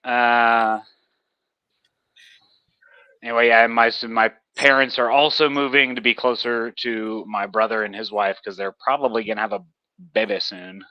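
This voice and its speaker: A man's voice: mid-range voice, fairly even intonation, moderate pace, pauses often, clean tone, no echo, lo-fi sound. A young man from Texas with a light Texan accent, chatting casually and rambling with easy fillers. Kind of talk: casual chat.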